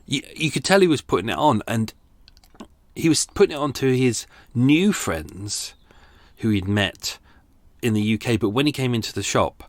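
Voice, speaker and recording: A man's voice: medium pitch, animated, normal speed, no echo. A middle-aged British man hosting a podcast, chatting casually in a wry, skeptical way with plenty of ums. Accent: British English. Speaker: podcast host. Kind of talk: casual unscripted commentary.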